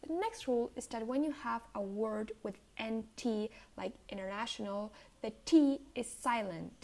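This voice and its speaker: Woman teacher, American accent, slight vocal fry, careful over-articulated delivery. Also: fairly high pitch, darkish tone. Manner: slow, deliberate, over-articulated example words. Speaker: pronunciation teacher. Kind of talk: scripted pronunciation lesson.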